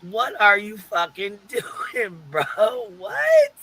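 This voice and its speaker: A man ranting in disbelief, cursing and breaking into laughter. His voice is bright and swings widely in pitch, and he drags his words out slowly. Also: wildly swooping pitch, breathy edge, poor audio. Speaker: clip from another creator's video. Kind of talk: ranting vlog clip.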